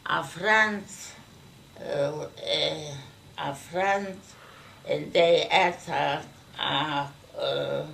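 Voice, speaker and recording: An older woman from Ukraine, giving an oral history interview in a halting way, repeating words as she searches for them. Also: deep voice, vocal fry, a bit bright. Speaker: interviewee recounting wartime memories. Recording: distant mic, faint background noise.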